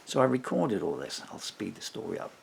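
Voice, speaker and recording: A man with a deep, heavily gravelly voice tells a story straight to his camera from a room at home. He talks animatedly and casually, slipping into the voices of the people he quotes. A faint hiss sits under the recording. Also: a little fast. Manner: animated, acts out quoted voices, chuckles between points. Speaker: vlogger.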